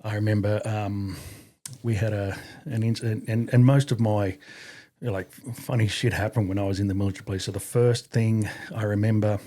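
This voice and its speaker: Aussie bloke yarning about his army days, mellow low voice, swears a lot, acts out the other blokes. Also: fairly even intonation, a little fast. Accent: Australian. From Australia. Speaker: podcast guest, army veteran. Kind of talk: casual storytelling.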